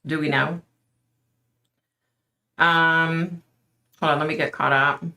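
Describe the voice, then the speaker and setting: A woman's voice: low-pitched, little pitch movement, slow pace, sharp tone. A middle-aged woman hosting a casual livestream, chatting with viewers by name and talking with a skeptical edge. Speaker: livestream host.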